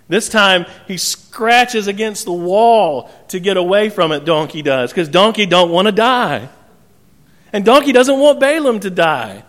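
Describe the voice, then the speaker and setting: A high-voiced pastor tells a scripture story with energy, acting out the characters. He slows into earnest, searching questions. His voice carries a long reverb from a church hall. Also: fairly bright tone. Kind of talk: sermon.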